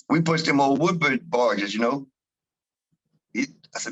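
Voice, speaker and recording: Man, South Louisiana accent, towboat captain, rambling slangy storyteller, mid-pitched voice. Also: slow, pauses often, slightly rough, low-quality recording. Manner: animated storyteller, laughs often, acts out quoted crew voices; rambling with many restarts and slang. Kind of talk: casual storytelling interview.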